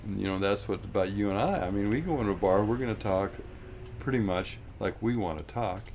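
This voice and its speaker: Man, very low, gravelly, folksy, rambling, casual chat, faint room noise. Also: brisk, a little mellow. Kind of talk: casual conversation.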